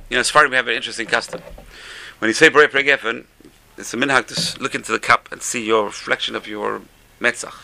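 A man leads a Torah class in a gravelly voice, animated and exclamatory. His tone is sharp and bright. He drops to near-murmured asides, then rises to loud, emphatic points. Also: mid-range voice, quick pace, slight background noise. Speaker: rabbi teaching a class.

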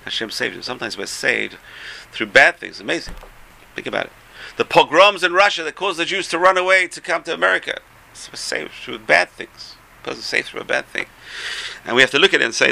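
A man giving a storytelling Torah talk, animated, swinging between loud bursts and soft asides, with a gravelly voice. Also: a little high, a little fast.

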